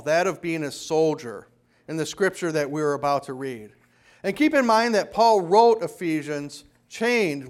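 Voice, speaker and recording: Higher-voiced man preaching with army stories. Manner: storytelling, drops low and quiet to quote a drill sergeant. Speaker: pastor. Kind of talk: sermon with personal story.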